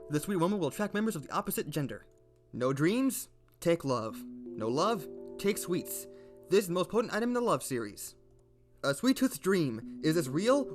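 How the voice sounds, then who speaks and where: A man narrating a video in a casual, partly unscripted read of game text, playful and rambling, often stumbling and correcting himself. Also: sits high.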